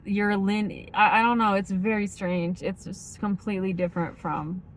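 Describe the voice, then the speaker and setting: A woman with a faint Midwestern accent chatting casually as a vlogger, rambling and filling every pause with "like" and "um". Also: mid-range voice, steady tone. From United States. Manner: rambling, heavy use of like and um. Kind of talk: casual chat.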